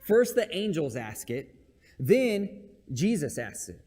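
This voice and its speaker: A man's voice: on the high side, sing-song, slow pace, mellow, long reverb tail. A man preaching a conversational sermon in a church, talking in a casual, joking, self-deprecating way. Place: church sanctuary.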